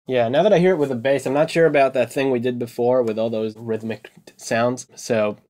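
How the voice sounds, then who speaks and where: A man's voice: medium pitch, a little fast. Easygoing man musing in his studio. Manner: relaxed, thinking aloud while composing. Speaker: music composer and video host. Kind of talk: casual studio vlog narration. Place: home music studio with synthesizers.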